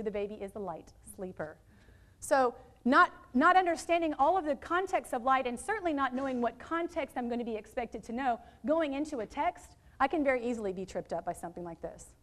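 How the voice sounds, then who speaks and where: A middle-aged woman presenting a teacher training workshop to educators in a room, talking in a lively, chatty way with asides to the audience, on a worn microphone. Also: high-pitched, brisk.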